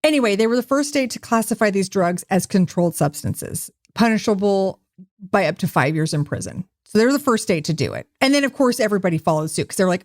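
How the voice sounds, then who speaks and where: A woman's voice: medium pitch, fast talker, no echo. A woman co-hosts a casual podcast, recapping news with sarcasm and jokes. Her voice sits in a middle range and the recording is dry and close. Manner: animated, sarcastic storytelling with jokes. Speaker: podcast co-host. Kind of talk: casual comedic chat.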